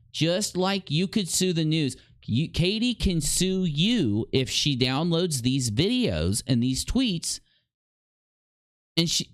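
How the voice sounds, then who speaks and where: High-voiced man ranting on a stream. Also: no echo. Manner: rambling, confrontational, addressing a critic directly. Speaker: live streamer. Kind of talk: livestream commentary.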